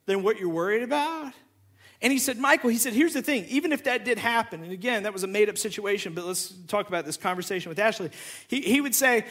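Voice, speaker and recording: A man who is a pastor, preaching a sermon and acting out both sides of a conversation in an animated storytelling way. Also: extremely high pitch.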